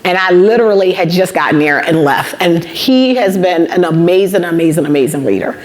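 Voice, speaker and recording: A woman's voice: on the low side, brisk. A woman in her fifties giving a motivational talk to students, telling stories with emphatic repetition and acting out the dialogue. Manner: animated storyteller, acts out quoted dialogue. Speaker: guest speaker.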